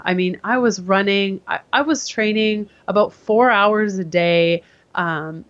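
A woman guest in an interview, telling her story in a casual, animated way and acting out what others said to her. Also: mid-range voice. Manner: animated, acts out quoted voices. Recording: dull lo-fi sound.

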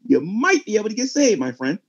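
A man's voice: high voice, very animated, a little fast, highs cut off. A man arguing as a Christian in a heated online debate, preachy and talking over others.

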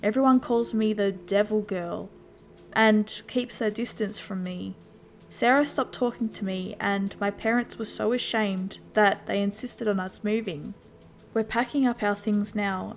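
A woman telling a scripted first-person horror story in a steady, mid-pitched voice. Faint music plays beneath her narration. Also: measured pace.

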